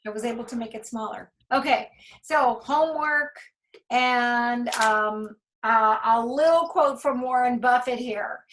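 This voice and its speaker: An enthusiastic woman leading a casual team training over a video call, talking through numbers out loud. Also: on the high side, measured pace, a little hiss or hum, rough recording.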